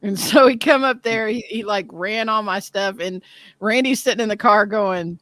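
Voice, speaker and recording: A woman in her fifties telling a story in casual chat, animated and self-deprecating, often laughing. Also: fairly high pitch, normal speed, no echo. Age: 50s.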